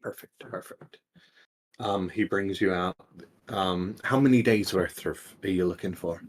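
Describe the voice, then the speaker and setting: A man narrating as game master in a tabletop game, relaxed and full of fillers and small laughs. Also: deep voice, normal speed.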